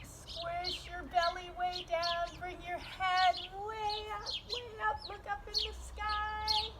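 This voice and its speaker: A woman leading a yoga lesson for young children outdoors, gentle and coaxing with playful animal sounds. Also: very high voice, monotone, slow, heavy background noise. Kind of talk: sing-song kids' yoga lesson. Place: outdoors in a yard with birdsong. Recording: outdoor recording with loud birds. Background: loud birdsong.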